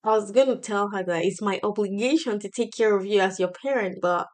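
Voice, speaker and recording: A woman's voice: mid-range voice, a little fast, darkish tone. A woman in her thirties hosting a casual solo podcast from her home office, speaking in an earnest, encouraging way. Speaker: podcast host.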